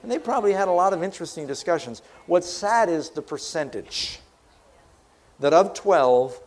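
A man's voice: on the high side, measured pace, darkish tone. A man preaching a sermon, retelling scripture as a dramatic story and putting questions to the congregation. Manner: conversational, asks the audience questions. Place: church platform before a congregation.

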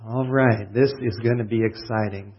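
A man's voice: on the low side, steady tone, moderate pace, breathy edge. A man preaching a sermon, praying and reading scripture aloud, stretching out key words and putting questions to his listeners before answering them. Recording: dull, lo-fi sermon recording.

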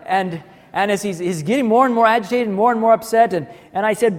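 Impassioned high-voiced male preacher. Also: quick pace, long reverb tail. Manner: impassioned preaching, rising and falling, hushed at the close. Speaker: pastor. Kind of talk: sermon.

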